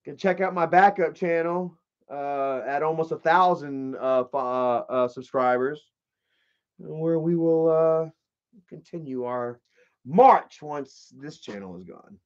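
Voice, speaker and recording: A man's voice: on the high side, slow. A man hosting a livestream, telling a long, rambling story full of swearing and restarts. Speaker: livestream host. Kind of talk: casual livestream rant. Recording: dull lo-fi stream audio.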